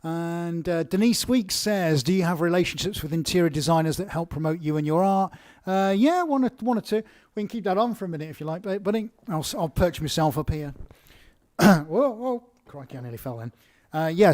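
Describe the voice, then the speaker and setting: An English man in a fairly high register chats through a live-stream Q&A, reading out viewer questions and then answering them. His talk is loose and friendly, full of "um"s and restarts, and the sound is dry and close with little room. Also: animated, brisk, darkish tone, dry recording. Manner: chatty, reads questions aloud then answers with fillers and restarts. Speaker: artist hosting a live Q&A.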